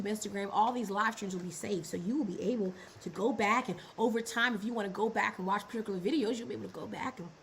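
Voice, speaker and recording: On a livestream, a woman with a fairly high voice teaches a lesson on business and ministry, repeating key phrases and asking viewers to respond in the chat. The audio is rough, with a bit of hiss or hum.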